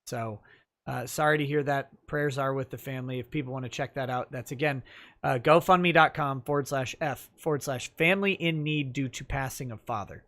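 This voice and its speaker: A man's voice: medium pitch, a little fast, fairly bright tone. A man hosting a casual livestream talk show, reading viewer messages aloud and laughing often.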